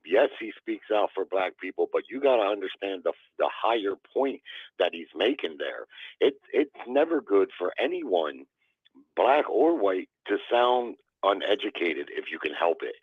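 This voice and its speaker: A man in a barbershop debate, explaining his view calmly and at length. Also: low-pitched, moderate pace, slightly rough, no echo, phone-quality sound. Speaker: panelist.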